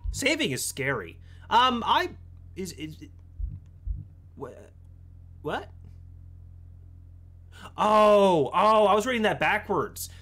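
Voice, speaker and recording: Husky, animated man playing a game. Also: sits high, takes it slowly, pauses often, soft background music. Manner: playful, rambling, swears freely. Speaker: gaming video host. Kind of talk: let's play commentary.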